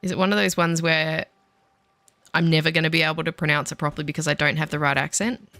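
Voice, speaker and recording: A woman's voice: deep voice, little pitch movement, fast, bright, forceful tone, dry recording. Chatty woman streaming a game. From Australia. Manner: chatty, self-deprecating, talks to chat while building. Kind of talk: casual chat while gaming.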